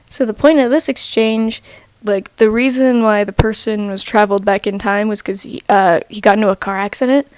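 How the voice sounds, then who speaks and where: A young woman giving a loose, chatty rant-lecture on writing, rambling with lots of asides and now and then dropping to a soft half-whisper. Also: mid-range voice, clean tone, no room sound. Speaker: writing video creator.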